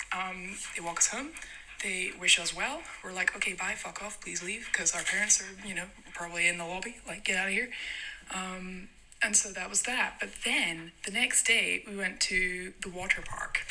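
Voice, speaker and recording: Bright-voiced Scottish woman telling a story. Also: mid-range voice, slight background noise, poor audio. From Scotland. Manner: rambling, laughing, frank. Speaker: listener sending a story. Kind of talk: casual storytelling voice note.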